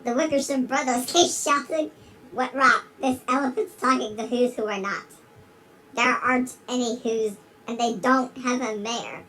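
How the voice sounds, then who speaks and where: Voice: medium pitch, fairly even intonation, moderate pace, pushed and bright, a little hiss or hum, close to an everyday voice, rough recording. A performer voicing a giggly big-lipped alligator who gives a dramatic rhyming storybook reading. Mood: storytelling. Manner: reads in rhyme and keeps breaking into giggles.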